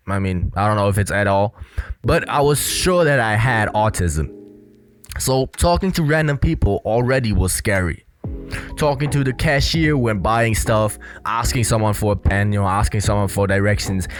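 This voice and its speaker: A young man giving casual commentary as a body language coach, earnest, with many fillers. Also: on the low side. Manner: earnest, repetitive, filler-heavy explaining.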